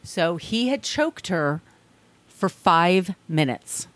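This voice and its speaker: A woman's voice: fairly low pitch, very animated, slow pace, a bit bright. A woman co-hosting a podcast, telling a true crime story in a blunt, conversational way. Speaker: podcast co-host.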